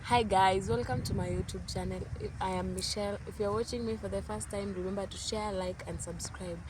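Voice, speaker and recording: A woman's voice: medium pitch, fairly even intonation, a little fast. A woman hosting a YouTube channel, presenting commentary in an upbeat way. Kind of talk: scripted commentary. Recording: distant mic with loud street noise.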